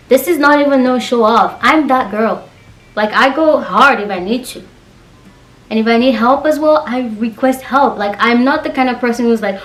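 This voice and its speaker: A woman's voice: fairly high pitch, brisk, distant mic. Exasperated young woman vlogger, roomy echo. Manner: animated, exasperated, acts out quoted dialogue. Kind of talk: casual storytime rant. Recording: roomy echo, voice away from the mic.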